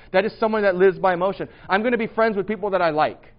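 A man's voice: sits high, quick pace, few pauses, dull audio. A man preaching in a church, casual and self-deprecating, talking to his congregation. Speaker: pastor. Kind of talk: sermon. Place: church hall.

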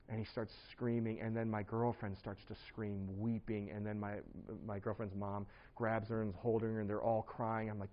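A man's voice: on the low side, level tone, moderate pace, highs cut off. A man preaching, telling a personal story with lots of fillers and bursts of laughter.

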